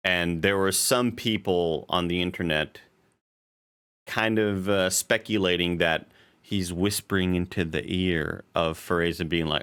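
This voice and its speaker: A man's voice: sits low, fairly even intonation, a little slow, a bit bright, clear, resonant tone. A young adult man co-hosting a casual chat, recapping a TV episode in a rambling, profane way with many fillers and restarts. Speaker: podcast co-host.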